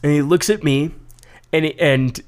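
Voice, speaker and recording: A young man telling a story on a casual podcast, swearing freely and acting out what people said in loud, raised voices. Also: measured pace. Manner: profane, animated, acts out quotes in loud high voices. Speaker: podcast co-host.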